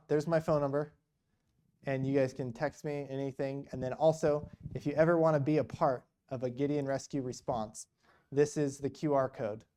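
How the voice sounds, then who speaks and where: Speaking as a guest missionary at a church, this man rambles casually through a story, quoting lots of conversations along the way. His voice is medium-pitched with a dark tone.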